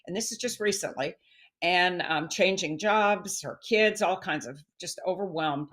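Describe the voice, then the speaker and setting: A middle-aged woman, a guest expert on stress, chatting in an interview and telling stories with animated quoted voices. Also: on the low side, unhurried. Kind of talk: casual interview chat.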